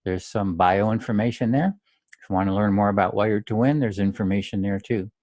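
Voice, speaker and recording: A man's voice: on the low side, fairly even intonation, fairly quick, darkish tone, no room sound, studio quality. A man coaching golfers on their mental game, talking in a blunt, straight-talking way and saying phrases aloud to show the difference. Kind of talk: direct instructional monologue.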